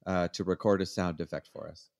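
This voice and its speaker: A man with a fairly low voice, talking casually and playfully. He hesitates a lot, with ums and restarts as he builds up to a joke. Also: steady tone, fairly quick, gravelly, a little mellow. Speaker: podcast co-host telling dad jokes. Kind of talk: casual chat.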